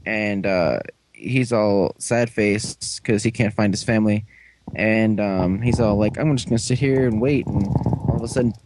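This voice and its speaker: A man casually recapping a show, rambling along and jumping into quick put-on voices for the characters. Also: lowish voice, darkish tone, slight background noise, low-quality recording.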